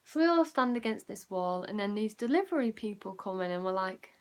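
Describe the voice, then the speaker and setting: A teenage Yorkshire girl chatting through a storytime vlog, voice sitting at an ordinary middle pitch. She rambles with plenty of "like" fillers, and her voice sinks softer whenever she remembers being nervous. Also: lively intonation, fairly quick. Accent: Yorkshire English. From Yorkshire, England. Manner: chatty, rambling, many "like" fillers, drops quieter when recounting nerves. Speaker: vlogger. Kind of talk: casual storytime.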